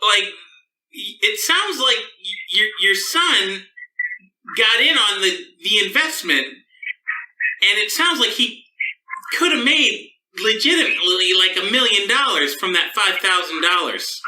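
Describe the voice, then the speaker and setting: Bright-voiced man, hesitant, in an echoey room. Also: high voice, takes it slowly. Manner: hesitant, stammering, deadpan. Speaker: comedy podcast host. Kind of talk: casual comedic banter. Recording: roomy, distant mic.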